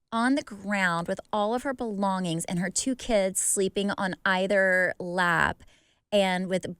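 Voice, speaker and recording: A woman's voice: mid-range voice, clean tone, no echo. A woman co-hosting a podcast in casual chat, talking in long rambling runs with many restarts. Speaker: podcast co-host.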